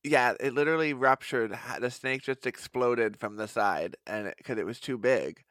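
A man co-hosts a podcast with an easy comedic ease, laughing often and dropping into goofy voices. His tone is bright and forceful. The sound is dry and close. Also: medium pitch, normal speed, no echo. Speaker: podcast co-host. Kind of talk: casual comedic chat.

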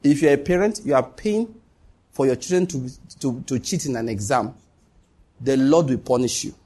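A man's voice: medium pitch, normal speed, warm tone, slightly rough. A man preaching a sermon as pastor, emphatic, repeating his points and swinging his voice up and down.

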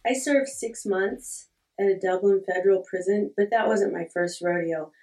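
A woman's voice: medium pitch, moderate pace, mellow, soft background music. A middle-aged woman candidly telling a personal story with frank, self-deprecating humor and frequent laughs. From Utah. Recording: roomy echo, distant from the mic.

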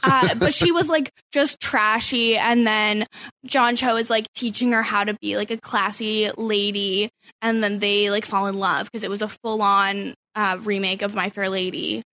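A young adult woman chatting casually on a podcast, enthusiastic and quick to laugh. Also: medium pitch, fairly even intonation, pushed and bright.

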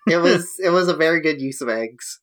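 A man co-hosting a podcast slips in dry, deadpan jokes during casual chat. His voice sounds bright and forward. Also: a little high, a little fast. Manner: dry, joking asides. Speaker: podcast co-host.

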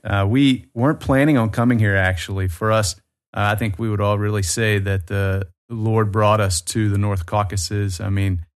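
A man in his forties with a Southern US accent, a guest chatting in an easygoing, friendly way with frequent pauses. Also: lowish voice, fairly even intonation. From Alabama, US South. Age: 40s. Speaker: guest expert on tourism. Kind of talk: casual conversation.

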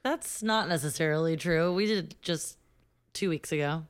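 A woman's voice: low-pitched, smooth. A woman co-hosting a podcast, chatting casually and teasing her partner. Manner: teasing, quick to laugh. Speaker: podcast co-host. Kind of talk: casual chat.

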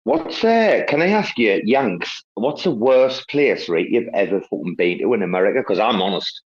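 A man's voice: lowish voice, moderate pace, slightly rough. A man from England, telling stories and swearing freely in a casual chat. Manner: sweary, storytelling, animated. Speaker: podcast host. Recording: dull lo-fi audio.

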